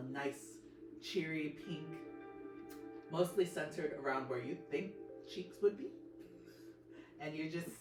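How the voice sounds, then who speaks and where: Lady dm rambling slow with lots of um and like, echoey room, music going. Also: sits low. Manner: meandering, many fillers and restarts. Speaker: game master. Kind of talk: narrating a tabletop game. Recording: roomy, distant mic, music behind.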